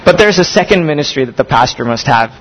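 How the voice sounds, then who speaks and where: A man's voice: medium pitch, lively intonation, fast, slight background noise. A man preaching a sermon as a pastor, earnest and emphatic, building in intensity. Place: church or seminar hall. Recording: echoey hall with faint ambience.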